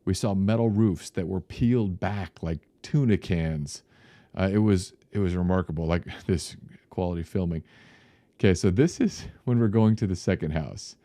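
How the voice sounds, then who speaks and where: Middle-aged male pastor, low-ish voice, casual animated vlog storyteller. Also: moderate pace, dry recording. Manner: animated storyteller, laughs mid-sentence.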